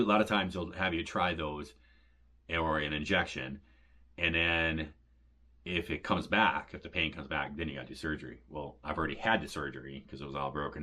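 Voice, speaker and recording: Very deep-voiced man rambling casually. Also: sharp tone. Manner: rambling, repeats "and stuff" and "he says", retells conversations. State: recovering from back surgery, occasional pain when coughing. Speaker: homestead vlogger. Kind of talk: casual rambling update to viewers.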